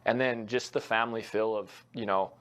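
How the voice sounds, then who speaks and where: A man's voice: lowish voice, fairly even intonation, moderate pace, fairly bright tone. A young man, a college soccer head coach, giving earnest, reflective interview answers with frequent fillers.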